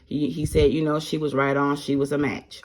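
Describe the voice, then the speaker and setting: A woman's voice: low voice, little pitch movement, moderate pace, darkish tone, slight background noise. Blunt woman telling a personal story. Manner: candid and blunt, with slang and exasperated asides. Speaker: vlogger.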